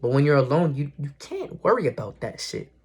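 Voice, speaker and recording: A man's voice: on the high side, sing-song, fairly quick, husky. A young man vlogging casual spiritual encouragement, earnest and slangy, often repeating and correcting himself. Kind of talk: casual motivational talk to camera.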